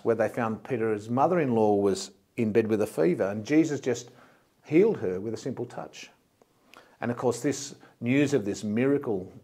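A man's voice: medium pitch, darkish tone. A man from Australia, a pastor, preaching a sermon in a plain, explanatory way and often repeating words as he goes.

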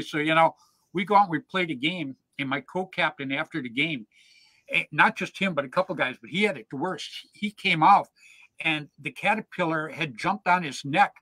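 A man hosting a show, telling casual stories in an animated, chatty way and checking in with "right?" and "man". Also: a little high, normal speed, dry recording. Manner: animated yarn-spinner, peppers lines with "man" and "right?". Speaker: show host. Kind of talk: casual storytelling chat.

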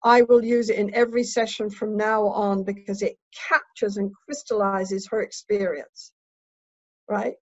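A woman therapist gives a webinar lecture in a fairly high voice. She talks casually and sometimes slows down and goes soft to show how she speaks to clients. The audio is dull and lo-fi. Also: no echo. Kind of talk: lecture with demonstration.

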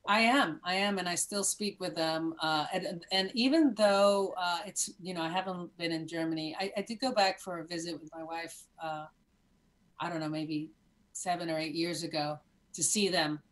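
A Cuban American woman in her fifties, a podcast guest in casual chat, telling animated stories with many restarts. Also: lowish voice, moderate pace. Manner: animated storyteller with many restarts and acted-out moments.

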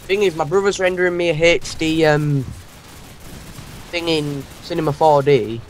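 A teenage English boy in loose, jokey game-chat banter. His voice sits a bit high for a young man. A faint hum of noise runs behind him. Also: fairly even intonation, normal speed. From England. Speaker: gamer. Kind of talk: casual gaming chat.

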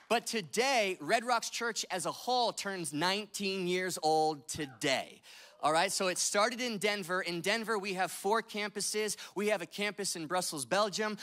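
A pastor in his thirties delivering a sermon, telling stories with self-mocking humor and dropping to a hushed voice when he prays. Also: high-pitched. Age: 30s. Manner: drops to a soft, hushed voice in prayer.

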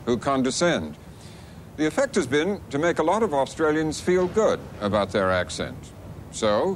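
A man narrating a documentary in a measured, expressive scripted delivery. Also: medium pitch, a little hiss or hum.

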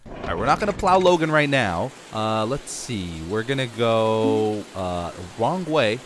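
A man's voice: medium pitch, sing-song, measured pace, a little hiss or hum. A man hosting a gaming channel, giving casual, playful commentary to his viewers as he plays. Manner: playful and joking, talks to viewers.

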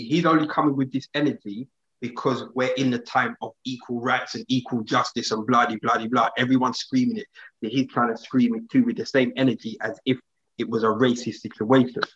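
A man co-hosting a live chat show, telling stories in a relaxed way and chuckling through them. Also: medium pitch, normal speed, echoey room. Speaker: co-host of a live discussion stream. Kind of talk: casual chat. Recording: dull lo-fi mic sound.

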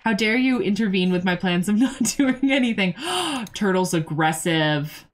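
A young woman streaming a game, chatting casually and excitably, swearing freely and talking to her chat and to the characters on screen. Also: mid-range voice, moderate pace. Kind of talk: casual gameplay commentary.

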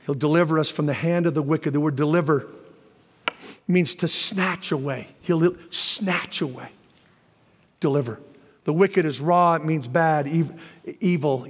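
Man, pastor; high voice, lively preaching, reverberant sanctuary. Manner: animated preaching, jumps to shouts when voicing God; folksy asides to the congregation. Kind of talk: sermon.

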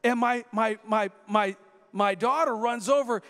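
A man in his thirties preaches with a high, lively voice that carries through a long, echoing hall reverb. He tells stories animatedly, acting out voices and building to shouts. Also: normal speed. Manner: animated storyteller who acts out quoted voices and rises to shouts. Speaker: guest preacher. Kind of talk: sermon with personal storytelling.

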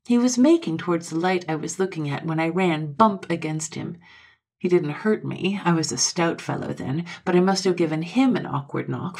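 A woman narrating an old Victorian ghost story, in a measured storytelling manner with gentle lifts of emphasis. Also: deep voice, creaky, husky. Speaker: audiobook narrator.

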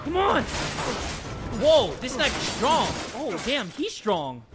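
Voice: sits high, huge pitch swings, slow, over loud music. A player reacting to a horror game with startled, laughing swearing. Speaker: let's player. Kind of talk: gaming reaction commentary.

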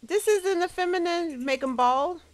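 A woman's voice: extremely high pitch, unhurried, rough recording. A woman streamer giving casual gameplay commentary, laughing often and chatting directly with her viewers. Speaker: gaming streamer. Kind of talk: casual gaming commentary to chat.

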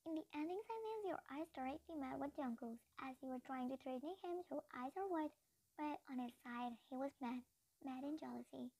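A woman's voice: sits high, expressive, normal speed, warm tone, poor audio. A woman reading a fan fiction story aloud in her own voice. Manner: reads every character's lines in her own voice.

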